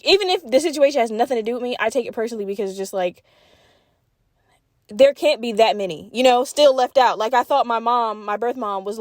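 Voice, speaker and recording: A young adult woman hosting a solo podcast, talking in a rambling, blunt, swear-heavy casual rant with bursts of fast, animated talk. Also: fairly high pitch, no room sound, clean studio sound. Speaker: podcast host.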